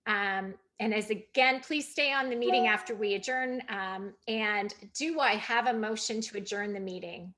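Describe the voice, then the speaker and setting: A woman's voice: mid-range voice, normal speed, few pauses. A woman, a county party chair, thanking everyone and closing a virtual meeting, chatty and grateful. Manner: warm thanks, chatty with fillers. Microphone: video call.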